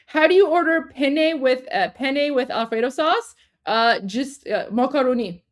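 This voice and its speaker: A woman's voice: high-pitched, measured pace. A woman co-hosting a livestream, chatting casually with lots of fillers and restarts and frequent laughter. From Iran. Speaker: livestream co-host.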